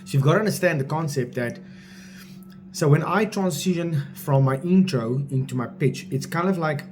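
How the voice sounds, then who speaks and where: A man's voice: fairly high pitch, normal speed, a little mellow, slight background noise. A man coaching salespeople in a blunt, informal way, driving each point home with repetition. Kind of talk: direct-to-camera coaching talk.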